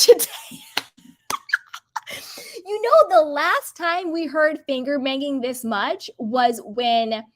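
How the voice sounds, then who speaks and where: Bubbly high-voiced woman chatting. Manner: bubbly, gossipy, uses "like" a lot. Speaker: livestream host reading chat. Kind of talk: casual livestream chat.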